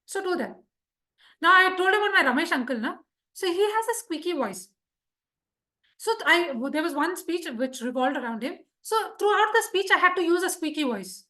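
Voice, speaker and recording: A woman teaches public speaking to a live club, her voice high and bright with a husky edge. She keeps a lively, teacherly rhythm and keeps checking that her listeners follow. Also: moderate pace. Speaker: Toastmasters speaker teaching speech craft. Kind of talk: live instructional talk to a club.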